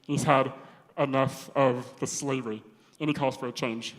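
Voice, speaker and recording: A man preaching a casual sermon, slangy and animated, acting out the characters' lines himself. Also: mid-range voice, normal speed. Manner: slangy, animated, acts out quoted voices. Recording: long hall reverb.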